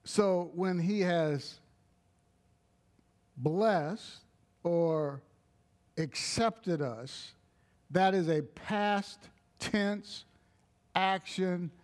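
Guy preaching real slow and emphatic, kinda high voice, throws in praise lines. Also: darkish tone. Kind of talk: sermon.

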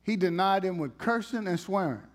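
A man with a high voice preaches in a church. His sermon is animated and conversational, and he teases the congregation as he goes. He swings between loud, emphatic bursts and hushed, gentle passages. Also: moderate pace.

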